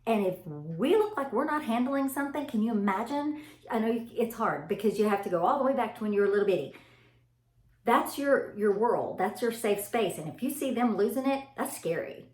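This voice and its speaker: A woman, chatting casually to camera about parenting. She tells stories in an animated way, laughs often and calls her viewers y'all. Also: a little high, a little fast. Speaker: mother vlogging about parenting. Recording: echoey room.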